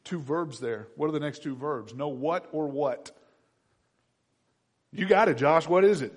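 Preacher guy, husky voice, goes from yelling to quiet, asks the church questions. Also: measured pace, long pauses, big-room sound. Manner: swings from loud shouted passages to low quiet ones, asks the congregation questions. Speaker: pastor. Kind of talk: sermon.

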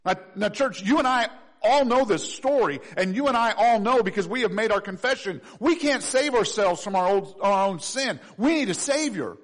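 A male pastor preaching a sermon to his congregation, swinging between soft low asides and loud rising pleas. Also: expressive, moderate pace.

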